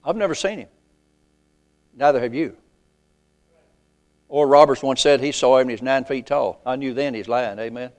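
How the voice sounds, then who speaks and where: An older man preaching a sermon in a church. He is folksy, calls out to the congregation and slows down to recite scripture. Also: mid-range voice.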